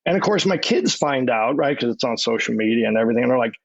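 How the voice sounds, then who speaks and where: A middle-aged man speaks as a guest in a casual interview, drifting through stories and stumbling over his words. His voice sounds close and dry, with a slightly dull, muffled top end. His pitch sits in a middling range. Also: expressive, fast, gravelly, breathy edge, no room sound. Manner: rambling anecdotes with many restarts and repeated words. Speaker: podcast guest.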